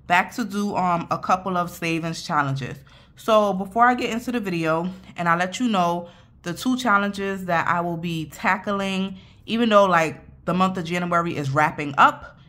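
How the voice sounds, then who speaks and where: Hosting her budgeting channel, a young woman chats playfully and casually with viewers, addressing them head-on while a bit out of breath. Her pitch is medium and her tone fairly bright.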